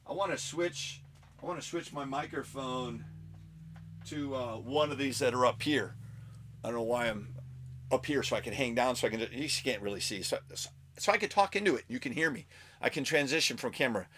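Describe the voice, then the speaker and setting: A man's voice: mid-range voice, a little fast, a bit bright, slight background noise. Male vlog host, mid-range voice, casual show-and-tell, chatty and self-mocking. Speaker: comic book collector vlogger. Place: at home.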